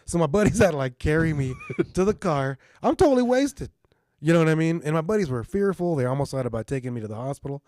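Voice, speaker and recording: A middle-aged man casually telling a story on a podcast, animated and swearing, often asking "you know what I mean". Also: on the high side, fast. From Mexican heritage. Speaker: podcast host.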